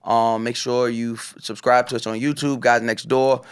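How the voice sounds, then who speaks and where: A man's voice: mid-range voice, level tone, moderate pace, clean tone. A young man hosting a podcast, joking and teasing his co-hosts between show plugs. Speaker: podcast host. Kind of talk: casual podcast banter.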